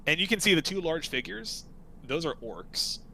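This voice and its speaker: A man's voice: on the high side, sing-song, moderate pace, creaky, bright, forceful tone, slight background noise, poor audio. A man narrating as game master in a tabletop game, in a loose, casual way.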